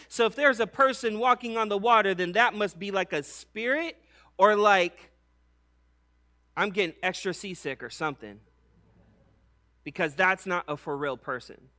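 A man preaching a casual sermon, slangy and conversational, telling the story with animated acted-out bits. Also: sits high, moderate pace, pauses often.

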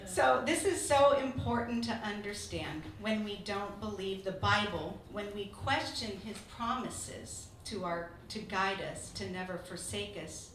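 A woman teaching a Bible study, telling personal stories in a lively, laughing way. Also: medium pitch, a little slow, hardly any pauses. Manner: lively storytelling, laughing through anecdotes. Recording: echoey room from far off, noisy.

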